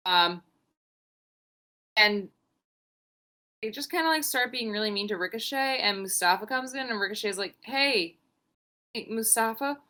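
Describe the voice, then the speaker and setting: A young woman co-hosting a podcast, recapping wrestling in casual chat, swearing freely and acting out what people said. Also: a little high. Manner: animated, swearing, acts out quotes. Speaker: podcast co-host.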